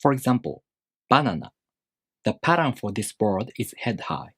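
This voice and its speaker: A man teaching a language lesson, explaining rules step by step in a measured, scripted way. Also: on the low side, sing-song, no room sound, studio quality.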